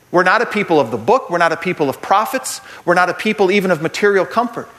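A man giving a humorous Catholic talk to a group, an animated storyteller who uses jokey asides and builds to earnest points. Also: high voice, fast, few pauses.

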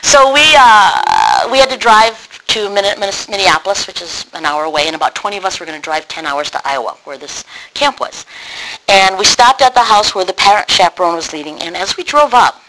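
Middle-aged woman from wisconsin, bright voice, telling her own story, acts out the old conversations. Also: medium pitch, brisk, a little hiss or hum, poor audio. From Wisconsin, USA. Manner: lively, acts out remembered dialogue. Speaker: speaker giving a personal testimony. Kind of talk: personal storytelling.

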